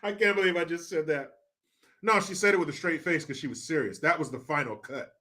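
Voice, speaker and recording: A man's voice: a little high, fairly quick, bright, forceful tone. A man hosting his own show, ranting through sarcastic, profane political commentary full of mockery. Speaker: show host.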